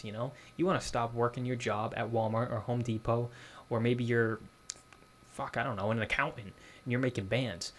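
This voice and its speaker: A man's voice: mid-range voice, slight background noise. A man giving a casual, hyped-up motivational pep talk about selling online, full of slang and the odd swear word.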